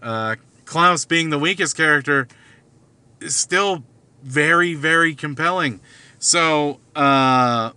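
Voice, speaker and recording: Man, mid pitch, crisp and bright tone; musing hesitantly in a loose after-work ramble from the car. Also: slow, no echo. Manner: hesitant, many fillers and restarts. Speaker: vlogger. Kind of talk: rambling casual monologue. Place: car at night.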